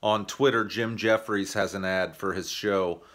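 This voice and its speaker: A man's voice: low voice, fairly even intonation, a little slow, a bit bright. Profane ranting American man. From United States. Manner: profane, combative ranting with sarcastic mock voices. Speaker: YouTube comedian. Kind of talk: ranting video monologue.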